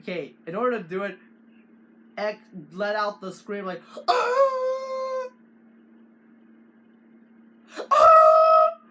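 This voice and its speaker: Halting man teaching a how-to. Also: high-pitched, fairly even intonation, noisy background. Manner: halting, frequent restarts and filler. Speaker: tutorial host. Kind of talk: casual how-to demonstration.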